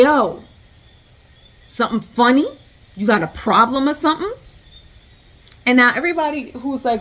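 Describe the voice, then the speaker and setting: Animated woman telling a storytime. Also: medium pitch. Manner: animated, slangy storytelling with lots of "like". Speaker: vlogger. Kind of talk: storytime vlog.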